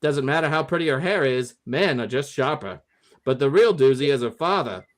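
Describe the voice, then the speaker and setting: A puffed-up 1940s governor brags in a clipped, old-fashioned mid-Atlantic announcer voice, as a man puts him on for a comic bit. He is smug and boastful, with a mid-range pitch. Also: lively intonation, normal speed, close to an everyday voice. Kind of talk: comic monologue.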